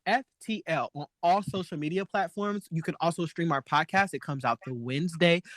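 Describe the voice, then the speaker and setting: A man co-hosting a loose chat show, his voice sitting a little high. He talks with animated energy, and the sound is dry and close. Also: fairly quick, dry recording. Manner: animated, laughing, mimicking lines in a high voice. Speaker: podcast co-host. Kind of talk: casual chat.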